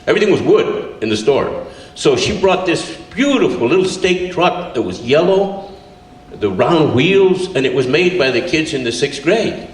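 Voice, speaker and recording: Older man telling a lively story. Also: normal speed. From California, USA. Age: 70s. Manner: animated, laughing, many fillers. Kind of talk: live storytelling presentation. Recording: roomy, distant live recording with faint rumble.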